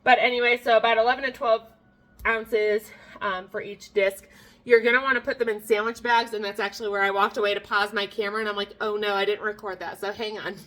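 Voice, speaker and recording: Bright-voiced chatty woman cooking at home. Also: medium pitch, little pitch movement, fast. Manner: chatty, self-deprecating, laughs at her own mistakes. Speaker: homestead cooking vlogger. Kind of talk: casual cook-along chat to camera. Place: home kitchen.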